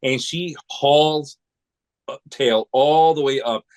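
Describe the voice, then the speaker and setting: Telling long, wandering anecdotes with many restarts, a New England podcast guest speaks casually in a mid-range voice at a slow pace. The recording is of low quality.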